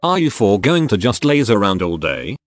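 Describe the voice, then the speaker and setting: A synthetic male text-to-speech voice voicing an impatient, sharp-tongued woman bar owner. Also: lowish voice, very animated, moderate pace. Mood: scolding.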